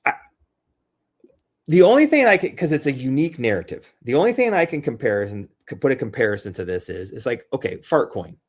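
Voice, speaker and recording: Young adult male, crypto livestream host; casual, excitable, repetitive, loose delivery. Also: medium pitch, a little fast. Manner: rambling, excitable, repeats himself. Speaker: crypto streamer.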